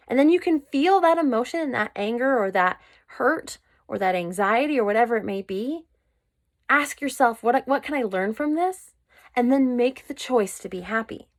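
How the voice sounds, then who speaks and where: A woman hosts her own self-help podcast alone, speaking candidly and with emphasis as she coaches her listeners. Her voice sits a little high. The sound is dry and close, with no room around it. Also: no echo. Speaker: podcast host. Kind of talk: solo podcast talk.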